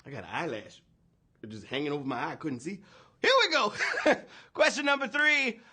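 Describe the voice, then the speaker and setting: A man hosting a live trivia game show, energetic and playful, talking slangy to the players. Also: fairly high pitch, moderate pace, breathy edge. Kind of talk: hyped livestream hosting.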